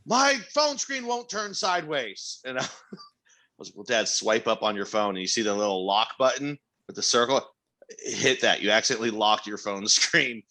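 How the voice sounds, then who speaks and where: A man's voice: fairly low pitch, normal speed, pushed and bright. A young man co-hosting a podcast, chatting casually and telling stories with lots of swearing and laughter. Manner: profane, laughing storyteller. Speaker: podcast co-host. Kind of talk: casual chat.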